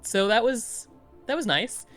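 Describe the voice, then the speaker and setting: A man casually recapping the last tabletop role-play session for the group, in an animated storytelling way. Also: very high voice, measured pace, soft background music. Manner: animated storytelling, playful voices in quotes. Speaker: player giving a recap.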